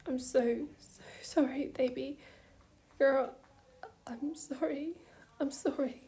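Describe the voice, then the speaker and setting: A woman doing a hushed, sobbing young father. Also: high-pitched, fairly even intonation, slow. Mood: tender. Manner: hushed, whispered apologies. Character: apologetic young man, tender, sobbing father.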